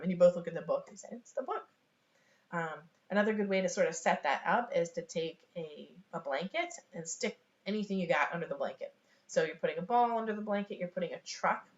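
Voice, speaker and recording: A woman with a slightly low voice teaches sign language over a home webcam, chatty and loose, with plenty of fillers and small laughs. The room rings with echo, and the sound is dull and lo-fi. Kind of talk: casual online teaching. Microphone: webcam on a video call.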